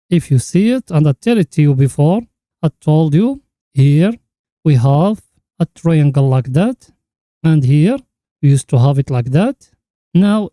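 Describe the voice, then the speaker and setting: Man, fairly high pitch, chart analysis commentary, repetitive catchphrases, earnest. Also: warm tone, no room sound. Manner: keeps addressing the listener as friend, repetitive catchphrases; earnest, instructive. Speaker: crypto chart analyst host.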